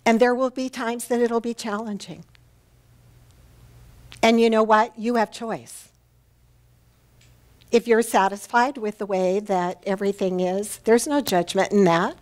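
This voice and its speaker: A woman minister speaking slowly and deliberately from the pulpit. Her voice sits a little high for a woman, and she tells personal stories with earnest warmth. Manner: warm, personal storytelling with heartfelt pauses. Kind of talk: sermon. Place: church sanctuary.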